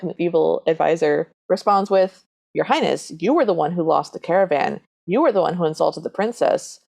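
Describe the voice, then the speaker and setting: A woman's voice: on the low side, expressive, fairly quick, gravelly, darkish tone. A woman co-hosting a podcast, recapping a movie's plot from her notes with dry, wry asides. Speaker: podcast co-host. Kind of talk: casual chat retelling a movie plot.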